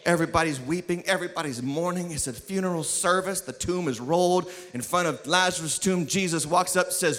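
A man preaching a sermon as lead pastor, telling the story with jokes and sudden shouts. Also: sits high, animated, brisk, few pauses. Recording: long hall reverb.

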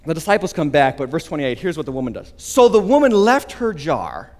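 Male pastor, high voice, lively emphatic sermon delivery, long hall reverb. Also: brisk. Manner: animated, emphatic preaching with asides.

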